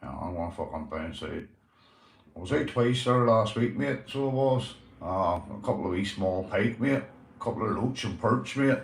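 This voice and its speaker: A man's voice: on the low side, lively intonation, moderate pace, slight background noise. Young northern irish guy on a livestream, sweary and matey, roomy echo on the mic. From Northern Ireland. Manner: swears freely, calls everyone mate and lad. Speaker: livestream host. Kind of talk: casual livestream chat, greeting viewers.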